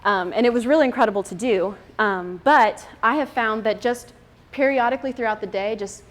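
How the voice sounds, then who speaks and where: A woman's voice: fairly high pitch, fairly quick. Woman in her thirties, casual talk to a moms' group, chatty, frequent laughter, lots of fillers.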